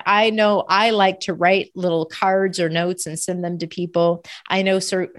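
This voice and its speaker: A woman speaks in a slow, unhurried way as she gives a devotional reflection. Her tone is earnest and she often asks rhetorical questions. She breaks into short prayerful asides. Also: mid-range voice. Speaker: Catholic speaker reflecting on scripture.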